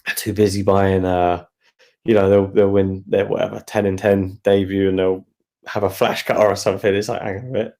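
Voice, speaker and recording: A young man, a guest fighter, chatting casually in a rambling, relaxed way on a video call. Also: low voice, a little fast. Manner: relaxed, rambling, laughs while telling stories. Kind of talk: casual interview chat.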